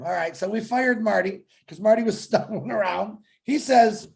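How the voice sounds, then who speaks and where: A man's voice: sits high, normal speed, gravelly, hardly any pauses, darkish tone. A man hosting a webinar who chats in a jokey, storytelling manner over a video call. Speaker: webinar host. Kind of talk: casual webinar chat.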